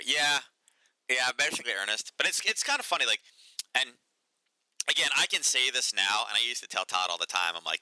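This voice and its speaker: Market-commentary host, man, casual and sarcastic, bright cutting voice, dry close sound. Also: lowish voice, no room sound, rough recording. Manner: chatty, sarcastic, lots of "right?" and "um".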